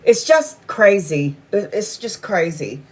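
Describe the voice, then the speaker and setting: A woman's voice: mid-range voice, takes it slowly. A woman in her forties, hosting a casual spiritual livestream chat, telling candid stories with frequent swearing. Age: 40s. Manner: candid, swearing, animated storytelling. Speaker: tarot reader livestream host.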